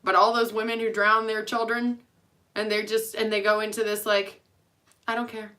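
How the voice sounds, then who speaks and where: A young woman talks straight to her friends and family in a personal vlog, open and emotional, drifting between thoughts with plenty of ums. Her voice is bright and clear, sitting at a middle pitch. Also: level tone, normal speed. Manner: candid, rambling, emotional, frequent um fillers. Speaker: nurse.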